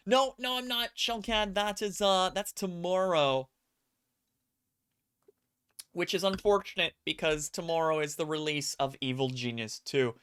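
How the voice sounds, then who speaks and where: A little slow but lively in intonation, an adult streamer's voice is medium-pitched, fairly bright, clear and resonant. They chat casually with viewers, rambling through stories, acting out quotes and poking fun at themselves.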